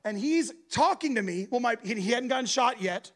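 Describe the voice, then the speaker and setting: Man, very high voice, animated casual sermon, acts out voices. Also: fairly quick. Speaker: guest preacher. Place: church gathering.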